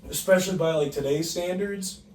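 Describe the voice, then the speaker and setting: A young man co-hosting a casual podcast, reading quiz questions in a teasing, animated way and laughing often. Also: high-pitched, brisk. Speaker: podcast co-host, quiz reader. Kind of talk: casual chat. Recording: echoey room, distant mic, faint noise.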